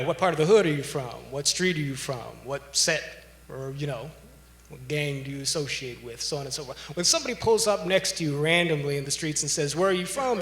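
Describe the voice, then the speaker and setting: Man from Los Angeles, slightly high voice, storytelling speech, loose and chatty with fillers, roomy hall sound. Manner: relaxed, conversational, frequent ums and asides. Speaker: speaker telling a personal story. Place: large hotel ballroom. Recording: echoey ballroom.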